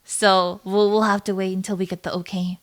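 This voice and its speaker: A woman's voice: mid-range voice, flat delivery, fairly quick. A woman guest, a VTuber, chatting playfully in an interview and laughing often. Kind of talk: casual interview chat.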